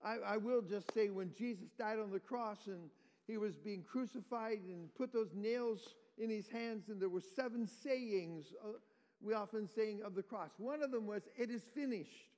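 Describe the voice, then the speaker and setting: Pastor, male, high voice, teaching sermon with questions to the pews, long church reverb. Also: moderate pace, darkish tone. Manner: explains verse by verse, quizzes the congregation. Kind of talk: expository sermon.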